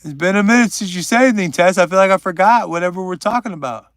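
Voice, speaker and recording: A man's voice: sits high, lively intonation, fast, no room sound, studio quality. A young man hosting a livestream, chatting casually and joking while reading out viewers' names. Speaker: livestream host.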